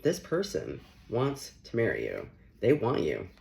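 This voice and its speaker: A man's voice: fairly low pitch, huge pitch swings, unhurried, gravelly, noisy background. A young man giving a casual, playful tarot reading, often laughing as he talks. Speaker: tarot reader.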